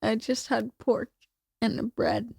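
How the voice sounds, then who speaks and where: A woman's voice: fairly high pitch, flat delivery, takes it slowly, vocal fry, darkish tone, breathy edge, dry recording, studio quality. A fifteen-year-old girl, a podcast guest, chatting in a laid-back way with her mother and saying "literally" a lot. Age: teens. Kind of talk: casual chat with her mother.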